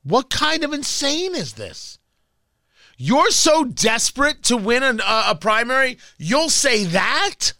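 Male talk radio host, high and animated delivery, bright tone, dry studio sound, sarcastic and combative. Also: dry recording. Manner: combative, sarcastic, emphatic repetition. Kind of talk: opinionated political talk radio monologue.

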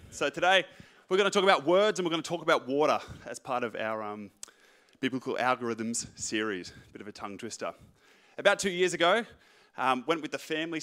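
Young male pastor, bright tone, lively self-mocking sermon storyteller. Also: a little high.

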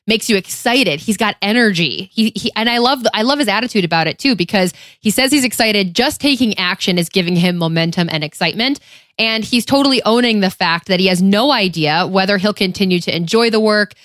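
A woman's voice: mid-range voice, a little fast, a bit bright, no room sound, clean studio sound. A woman co-hosting a casual podcast chat, speaking enthusiastically. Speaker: podcast co-host.

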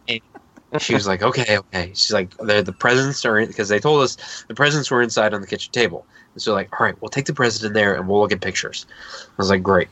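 Podcast co-host, male, 30s, low-ish voice, loose rambling storyteller. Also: fast, dry recording. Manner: rambling, animated anecdote with laughs and quoted voices. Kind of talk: casual storytelling chat.

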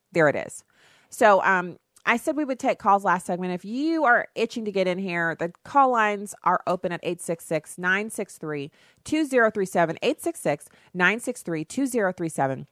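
A woman's voice: on the low side, animated, normal speed, fairly bright tone, no echo, studio quality. A woman hosting a political talk radio show, delivering a sarcastic, opinionated monologue.

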